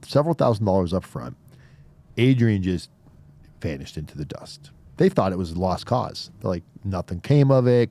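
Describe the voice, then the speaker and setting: A man's voice: deep voice, dark tone. A man hosting an interview, talking in a blunt, heated way and swearing often. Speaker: podcast host. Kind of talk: casual interview talk.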